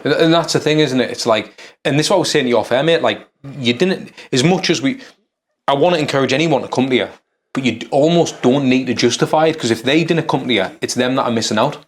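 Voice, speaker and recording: Chatty podcast host. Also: male voice, mid-range voice, fast talker. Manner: encouraging, loose, chatty. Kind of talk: casual conversation.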